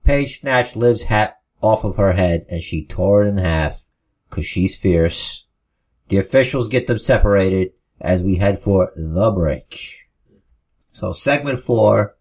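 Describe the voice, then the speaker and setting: Husky low-ish guy reading wrestling stuff on a podcast, laid back. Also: slow pace. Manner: relaxed, narrating with asides. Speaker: podcast co-host. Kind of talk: casual reading of wrestling storylines.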